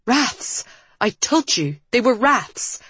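A woman's voice: lowish voice, lively intonation, normal speed, husky, dry recording. Woman voicing a strained, commanding young man. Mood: urgent. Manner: strained, accusing. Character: young man leader, commanding and short-tempered.

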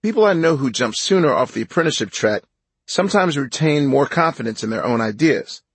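Husky man reading his own audiobook. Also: medium pitch, lively intonation, no room sound. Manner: measured, reflective reading. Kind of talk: audiobook narration.

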